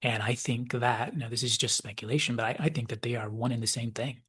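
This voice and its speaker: A man with a husky, slightly breathy voice talks through a story in a thoughtful analysis. He muses aloud at a middling pitch and now and then sinks into a soft whisper. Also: steady tone, fairly quick. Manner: reflective, musing, drops into soft whispers at times. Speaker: video essayist.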